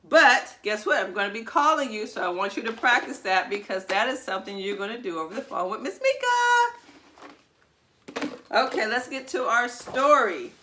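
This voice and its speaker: A woman's voice: medium pitch, expressive, fairly quick, hardly any pauses, bright, forceful tone, slight background noise. A woman preschool teacher giving a video lesson to young children, talking in a sing-song, encouraging way.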